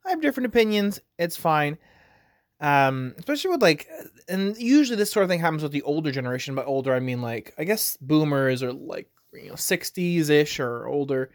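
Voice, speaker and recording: A man from the United States with a fairly high, sing-song voice hosts a podcast, talking a little fast in casual solo commentary. He rambles, leaning heavily on fillers like "like" and "you know," in a dry, studio-quality recording.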